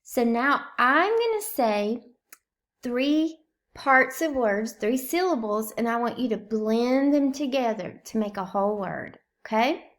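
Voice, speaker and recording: Working with children in a home kitchen, a woman gives slow, drawn-out word prompts and asks them to blend or separate syllables as phonemic awareness practice. Her voice is animated and on the high side.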